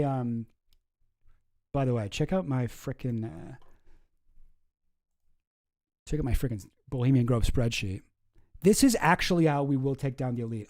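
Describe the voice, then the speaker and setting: A man's voice: mid-range voice, dark tone, dry recording. Wry man riffing casually, dry close mic. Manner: wry, rambling, puts on silly voices for cartoon captions. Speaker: host. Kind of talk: casual commentary reading cartoons aloud.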